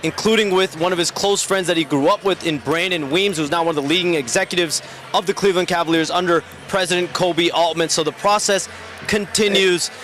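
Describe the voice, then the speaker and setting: A man delivering a measured sports news report in a steady, informed tone. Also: high-pitched, slight background noise.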